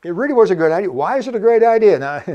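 With a high voice that swings widely in pitch and a quick pace, this older Canadian man runs a relaxed show-and-tell on vintage diving equipment. He's chatty and jokey, laughing often, and the recording sounds lo-fi.

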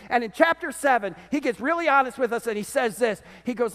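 A man preaching a sermon as pastor to his congregation, animated, his voice swinging from loud peaks to quiet lows. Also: brisk. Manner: animated preaching, voice rising and dropping sharply. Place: church sanctuary. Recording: church sanctuary with long reverb.

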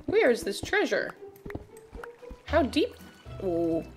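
A woman giving casual commentary while playing a video game, excitable and gasping, often dropping to quiet murmurs. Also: on the high side, slow pace, soft background music. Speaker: gaming streamer.

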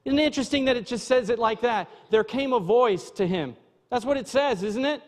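High-voiced pastor preaching in a reverberant church. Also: male voice, fairly quick. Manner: conversational preaching, asides to the congregation. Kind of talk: sermon. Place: church sanctuary.

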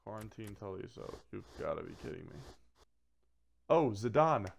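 A man's voice: fairly low pitch, normal speed, vocal fry, a little hiss or hum. Blunt, cursing young-sounding gamer guy. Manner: swears freely, swings between flat grumbling and excited shouts. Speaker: gaming video creator. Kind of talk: casual commentary while opening game packs.

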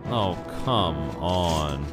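A man casually commenting on his own gameplay, switching between excited yelps and shouts and muttered asides. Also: low voice, very slow, loud music behind the voice. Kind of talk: casual let's play commentary.

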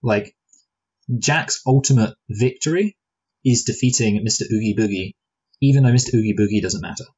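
A man with a low, somewhat husky voice talks through a film review in a loose, rambling way. He often restarts his sentences and drifts into playful what-if asides. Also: moderate pace, darkish tone, poor audio. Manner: rambling, hesitant, full of restarts and fillers. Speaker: film review podcast co-host. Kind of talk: casual film review chat.

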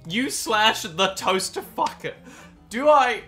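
A young woman with a New Zealand accent reacts to viewer messages on a live stream, swinging between mock outrage and dry, deadpan asides. Her voice is bright and forceful, and faint music plays behind her. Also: fairly high pitch, takes it slowly.

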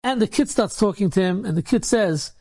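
A man's voice: high voice, lively intonation, brisk, creaky, a little mellow. A man, a rabbi, telling a story in a casual, repetitive way, peppered with Yiddish and Hebrew words.

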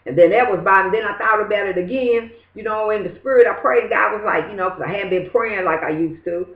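A woman's voice: mid-range voice, fast talker. A woman giving a casual spoken testimony, rambling and filling her talk with "you know what I'm saying". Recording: echoey, dull lo-fi room sound.

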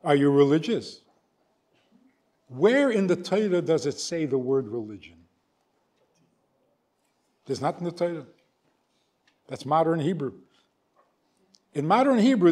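A man's voice: fairly high pitch, unhurried, pauses often. An older man, a rabbi, giving a storytelling lecture and acting out both sides of a conversation. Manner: animated storyteller, acts out both sides of dialogues. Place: synagogue hall.

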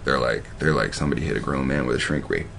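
Deep gravelly man telling a rambling story. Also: quick pace, a bit bright, a little hiss or hum. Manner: profane, loose and conversational with many restarts.

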